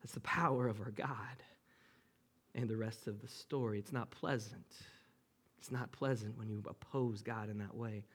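A man preaching a sermon to his congregation, telling the story with dramatic pauses, jokes and asides. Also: lowish voice, fairly even intonation, slightly rough. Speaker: pastor.

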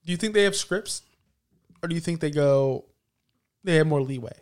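A man co-hosting a casual wrestling talk show, animated and joking, often mocking stiff scripted promos. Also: on the high side, normal speed. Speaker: podcast co-host.

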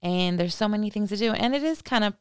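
Woman, podcast co-host, smooth resonant voice, dry close sound, casual chat. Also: mid-range voice, animated, fast talker, darkish tone, dry recording. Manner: laughs often, swears freely.

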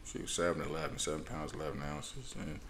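A man's voice: a bass voice, level tone, fast talker, fairly bright tone, a little hiss or hum. A man in his forties telling rambling stories on a podcast, acting out the people in them. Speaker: podcast co-host. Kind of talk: casual storytelling chat.

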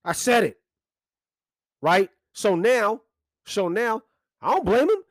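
Casting: a high-voiced man who swings his pitch widely, speaking in a profane rant, close and dry. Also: slow, no room sound. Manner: animated, profane, ranting with emphatic repetition. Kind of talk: profane monologue.

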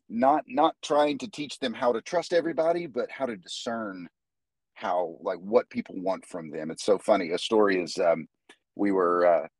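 A man, a jiu-jitsu instructor, talking as a guest in a casual podcast interview, animated and full of restarts. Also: lowish voice, breathy edge, no echo, low-quality recording. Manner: animated storyteller, many restarts.

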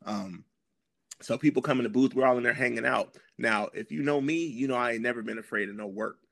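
A man talking as a podcast guest, telling a story in a casual, slangy, animated way and clearing his throat now and then. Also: mid-range voice, a little fast, no room sound.

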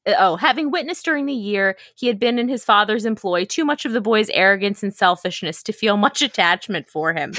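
A woman's voice: fairly high pitch, very animated, fairly quick, few pauses, pushed and bright, no echo, clean studio sound. A woman co-hosting a podcast, narrating an old novel aloud and often breaking off to laugh. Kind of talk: casual reading of a novel aloud.

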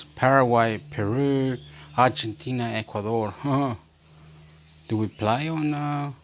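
A man's voice: lowish voice, a little hiss or hum. A man from Chile talking in a rambling, repetitive casual monologue, reading bits aloud from a screen as he goes.

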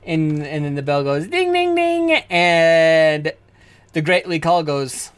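A woman narrating as game master with a strained voice, animated and prone to shouted character voices. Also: low-pitched, slow pace, clear, resonant tone. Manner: animated, bursts into shouted announcer and wrestler voices.

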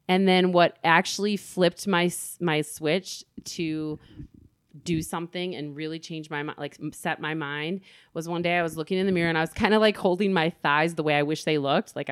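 Low-voiced woman talking candidly. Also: fairly even intonation, normal speed, smooth, dry recording, clean studio sound. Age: middle-aged. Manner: candid, open, swearing freely. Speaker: interview guest. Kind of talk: candid personal interview.

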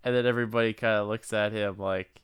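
A man's voice: on the low side, steady tone, fast talker, clear, resonant tone, dry recording, studio quality. A man co-hosting a podcast, chiming in with jokes and laughing a lot. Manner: chimes in with jokes and bursts of laughter. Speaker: podcast co-host. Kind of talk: casual comedic banter.

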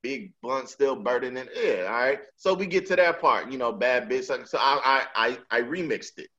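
A man co-hosting a podcast in casual banter, an animated storyteller who laughs a lot and acts out the lines he quotes. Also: medium pitch, normal speed. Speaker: podcast co-host. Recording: dull lo-fi sound.

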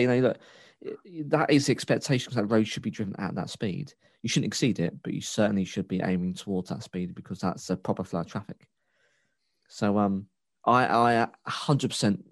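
A man talks in a low voice, swearing freely and ranting as his sentences restart and wander. The recording is dry and close, with no room sound. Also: brisk, gravelly, slightly rough, no echo. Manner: rambling with restarts and fillers. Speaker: podcast co-host. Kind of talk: casual chat.

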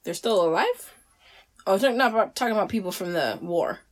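A woman's voice: mid-range voice, lively intonation, brisk. A woman co-hosting a casual chat, laughing easily and bantering.

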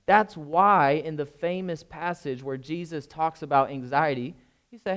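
Man, pastor, informal sermon, slightly high voice, checks in with listeners. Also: measured pace, a bit bright. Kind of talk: conversational sermon.

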